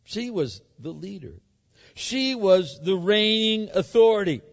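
A male pastor preaching a sermon, emphatic and animated, acting out the story as he reads it. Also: sits high, measured pace. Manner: animated, emphatic, acts out the scripture. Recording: echoey hall, dull sound.

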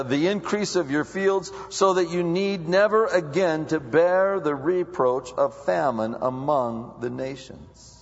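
A man's voice: on the high side, long reverb tail, highs cut off. A man preaching a sermon in a casual, conversational way, acting out his own prayers and inner dialogue. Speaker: pastor.

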